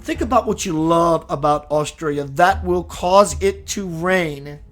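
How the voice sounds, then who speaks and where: A man hosting a live-streamed spiritual talk, greeting viewers, reading their comments and shifting into slow, preachy passages. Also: a little high, a bit bright. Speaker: spiritual livestream host.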